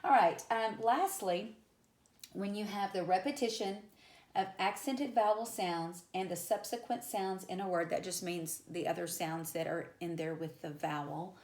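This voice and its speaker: A woman English teacher lectures casually, repeating example words aloud to show their stress. Her voice sits a little low, and the classroom around her sounds echoey. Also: normal speed, darkish tone. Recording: echoey room.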